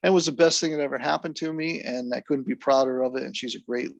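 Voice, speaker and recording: A man, a drummer guest, telling stories in a relaxed, even-keeled way during a casual interview. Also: medium pitch, fast, gravelly, dry recording, highs cut off. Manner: laid-back, even-keeled storyteller.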